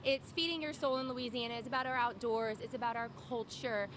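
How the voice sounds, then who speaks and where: A woman's voice: a little high, fairly even intonation, fairly quick, noisy background. A woman promoting tourism in a live street interview, upbeat and polished. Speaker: tourism representative. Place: downtown street outdoors.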